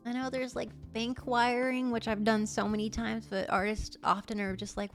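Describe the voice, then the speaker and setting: A woman streaming casually, bubbly and excitable, gasping and chatting to her viewers. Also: fairly high pitch, moderate pace, hardly any pauses, faint music behind. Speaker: livestreamer. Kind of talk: casual livestream chat.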